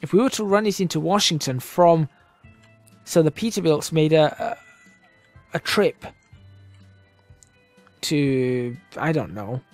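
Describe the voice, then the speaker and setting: Man, fairly high voice, casual thinking-aloud gameplay commentary, soft music bed. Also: slow, long pauses, no room sound. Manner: thinking aloud, musing and self-correcting. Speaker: gaming channel host. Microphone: desk microphone, voice drifting in and out.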